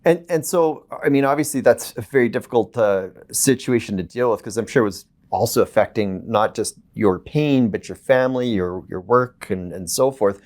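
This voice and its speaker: A man hosting a television interview, asking measured questions with frequent restarts. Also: medium pitch, a little mellow. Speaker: host.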